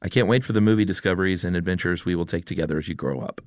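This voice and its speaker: Deep-voiced male podcast host. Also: racing, no echo, clean studio sound. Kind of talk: casual chat, reading listener messages.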